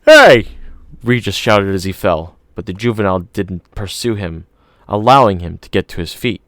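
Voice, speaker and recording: In clean studio sound with no room sound, a low-pitched man reads an audiobook at a steady, measured pace.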